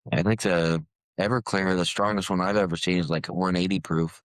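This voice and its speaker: A man's voice: deep voice, steady tone, normal speed, dry recording. A man, a player at a tabletop game, chatting casually in a dry, teasing way.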